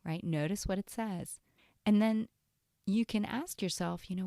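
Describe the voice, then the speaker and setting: A woman hosting a self-help podcast, talking earnestly in a casual way and often dropping to a soft whisper. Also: medium pitch, a little slow, creaky, no room sound, clean studio sound. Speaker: podcast host and coach.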